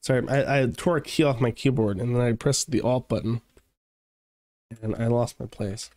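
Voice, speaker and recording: A man's voice: medium pitch, moderate pace, a little mellow, no room sound, clean studio sound. A man hosting a livestream show, giving casual commentary at his computer desk in a rambling, profane way, full of fillers and restarts. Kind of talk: casual commentary reading out online posts.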